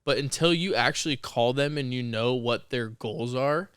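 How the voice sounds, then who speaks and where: Man, podcast co-host, smooth voice, easygoing, dry close-mic sound. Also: medium pitch, moderate pace, a bit bright, dry recording. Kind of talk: casual chat about sales.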